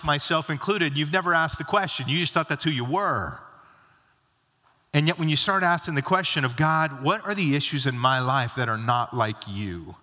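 A man's voice: mid-range voice, bright, forceful tone. A middle-aged male pastor preaching a sermon, telling a personal story in a conversational way and acting out the dialogue. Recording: long hall reverb.

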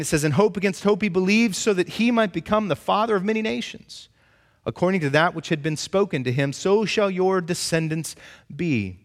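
A man preaching a sermon as a pastor, shifting from hushed, slow storytelling to rising, impassioned appeals. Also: a little high. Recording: long hall reverb.

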